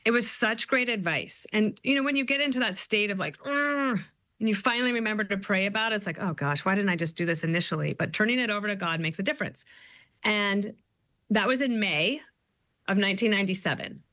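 A woman guest author chats in a casual interview with a bright, clear tone. She tells stories in an animated way and slips into playful quoted voices. Her voice sounds close and dry. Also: mid-range voice, a little fast, no echo.

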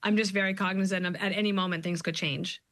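Bright-voiced chatty woman guest. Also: mid-range voice, quick pace, no room sound. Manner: chatty and upbeat, animated storytelling with playful quoted voices. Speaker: guest author. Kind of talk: casual interview talk.

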